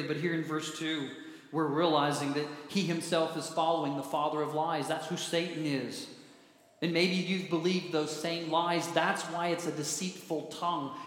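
Male pastor, slightly high voice, emphatic sermon delivery, heavy hall reverb. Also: fairly bright tone. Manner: emphatic preaching, voice dropping low at phrase ends.

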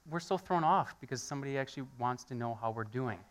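A man's voice: medium pitch, quick pace. A pastor, preaching a conversational sermon and acting out everyday moments in his own voice. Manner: animated storytelling, acts out quoted voices.

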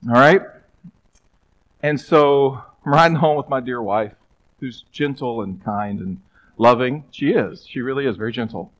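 A man's voice: medium pitch, poor audio. Conversational male pastor preaching. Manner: conversational, emphatic preaching with rising stresses and pauses. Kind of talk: sermon.

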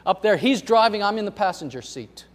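A middle-aged man, a pastor, preaching a sermon in a storytelling way, swinging between loud emphasis and soft asides. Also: sits high, lively intonation, a little fast. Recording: long hall reverb.

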